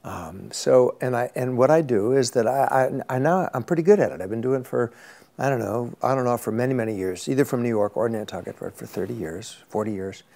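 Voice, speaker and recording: A man's voice: mid-range voice, fairly quick, vocal fry, mellow. An older man, an actor as interview guest, telling rambling anecdotes in a casual chat and often repeating words.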